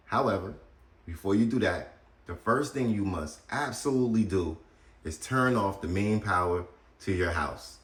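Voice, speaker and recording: A man's voice: low voice, echoey room. A man hosting a casual how-to video, talking straight to viewers in a blunt, chatty way while he works around his house. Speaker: DIY solar video host. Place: house interior, laundry area.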